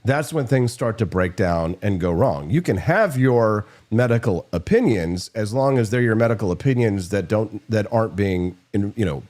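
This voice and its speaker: A man with a lowish voice holds forth in a casual political discussion. He argues his points with confident, animated opinions and leans into mocking asides.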